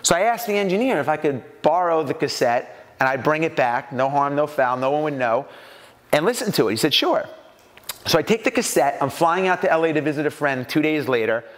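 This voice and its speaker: A man from New York giving an animated storytelling talk at a business mastermind and acting out the voices in his anecdotes. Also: on the high side, fairly quick, long reverb tail. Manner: animated, acts out quoted voices.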